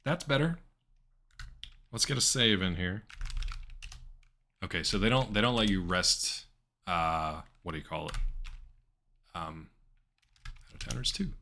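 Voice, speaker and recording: A man's voice: low voice, lively intonation, a little slow, vocal fry, long pauses, pushed and bright, slight background noise. A man streaming a video game live, chatting casually with viewers and rambling with plenty of fillers. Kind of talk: casual live-stream commentary while gaming.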